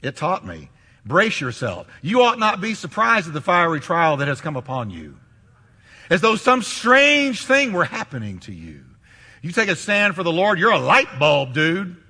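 A man's voice: on the high side, huge pitch swings, moderate pace, sharp tone, husky. A man preaching a sermon with emphatic delivery, leading the congregation to repeat phrases after him. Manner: emphatic preaching, leads the congregation in call-and-response. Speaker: pastor. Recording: long reverb of a large church hall.

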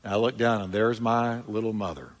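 A man's voice: lowish voice, a little fast. A man pastor preaching a sermon, telling a story in an emphatic way.

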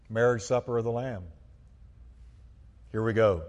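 A man preaching as pastor to his church, fervent, building to loud exclamations and calling the congregation to respond. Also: lowish voice, measured pace, long pauses, big-room sound. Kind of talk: sermon. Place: church sanctuary.

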